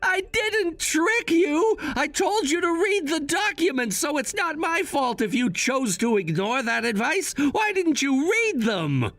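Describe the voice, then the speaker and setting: A man's voice: very high-pitched, very animated, measured pace, hardly any pauses, fairly bright tone, no echo, soft background music, full character voice. A man voicing a coolly scheming adult son in a text-message story drama, firm and matter-of-fact.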